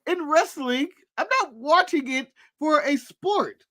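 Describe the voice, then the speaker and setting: A man's voice: extremely high pitch, takes it slowly, pushed and bright. An American man co-hosting a wrestling podcast, chatting casually with blunt, crude jokes. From United States. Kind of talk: casual chat.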